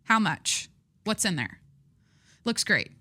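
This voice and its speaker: Young woman podcaster rambling on, bright tense voice, super dry close mic, swears casually. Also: mid-range voice, very animated, takes it slowly, no echo. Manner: rambling, chatty, frequent fillers and restarts; gushing, candid, swears casually. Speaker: podcast host. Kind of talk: casual chat.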